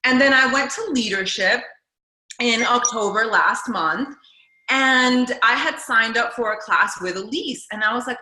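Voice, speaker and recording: A woman hosting a casual video call chat, gushing, excitable and emotional. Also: a little high, measured pace, reverberant, slight background noise, poor audio. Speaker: host.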